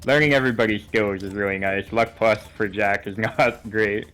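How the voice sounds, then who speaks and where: A man from Canada, chatting in a relaxed way on a game stream and explaining mechanics with a few fillers. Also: fairly low pitch, moderate pace, clear, resonant tone. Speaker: streamer and co-host. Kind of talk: casual chat during a game stream. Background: game music.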